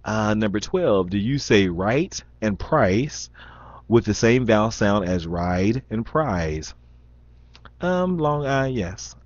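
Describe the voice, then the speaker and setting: Man, young adult, low voice, slight Southern Indiana accent, chatty and rambling, dull lo-fi dry recording. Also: big pitch swings, takes it slowly, dry recording. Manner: chatty and rambling, with many ums, restarts and laughs. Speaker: vlogger. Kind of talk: casual accent-tag talk reading questions aloud.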